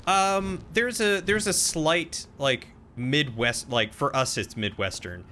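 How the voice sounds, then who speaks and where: A man's voice: a little high, slow, sharp tone, slight background noise. A man streaming a game live, chatting casually, reacting to the fight and answering chat. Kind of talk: live gameplay commentary.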